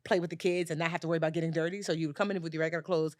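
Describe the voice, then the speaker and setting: A woman, a personal finance educator, telling a story as a podcast guest and acting out the dialogue with lively jumps in her voice. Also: very fast, dry recording, clean studio sound. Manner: animated storyteller, acts out dialogue with big pitch jumps. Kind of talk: storytelling in a conversational interview.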